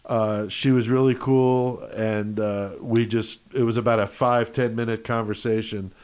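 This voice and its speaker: A man's voice: fairly low pitch, measured pace, clean tone. A man from Connecticut telling a story in casual podcast chat, swearing freely and acting out his own reactions. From Connecticut, USA. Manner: profane storyteller, animated when quoting himself.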